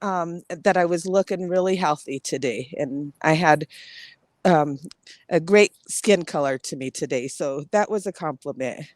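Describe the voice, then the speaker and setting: A woman's voice: low voice, measured pace. A woman with a son chatting casually as co-host, laughing easily and teasing. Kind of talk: casual chat.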